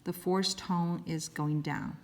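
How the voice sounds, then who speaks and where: Woman, slow careful pace, fairly low voice, handwriting lesson, calm step-by-step explanation. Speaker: Chinese writing teacher.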